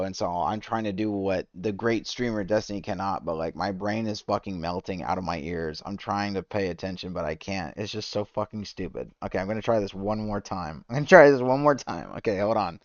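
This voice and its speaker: A man's voice: on the low side, a little fast, hardly any pauses, no echo. A man streaming while playing a game, ranting in an exasperated, rambling way, with lots of restarts, as casual live reaction commentary, on a slightly dull lo-fi mic.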